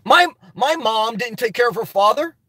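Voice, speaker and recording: Male livestream host, very high pitch, animated and preachy, dry close mic. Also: moderate pace, dry recording. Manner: rambling, preachy and animated, laughs often. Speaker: livestream host reading viewer chat. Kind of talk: casual live chat.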